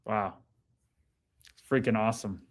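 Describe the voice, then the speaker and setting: A man's voice: fairly low pitch, takes it slowly. A man hosting a casual livestream, reading viewer comments aloud, swearing freely and cheering his viewers on. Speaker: livestream host reading chat.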